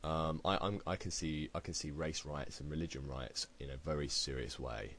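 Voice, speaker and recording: British man, extremely deep voice, blunt heated commentary, swears a lot, faint background noise. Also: fairly even intonation, moderate pace, a bit bright, low-quality recording. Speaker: video blogger. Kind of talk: ranting opinion commentary.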